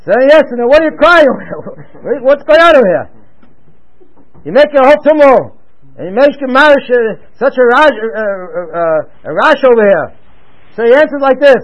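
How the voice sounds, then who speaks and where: High male voice, rambling religious storyteller, muffled lo-fi radio quality. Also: very animated, normal speed. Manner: rambling, with many restarts and Hebrew-Yiddish terms. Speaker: storyteller giving a religious talk. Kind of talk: loosely told religious story.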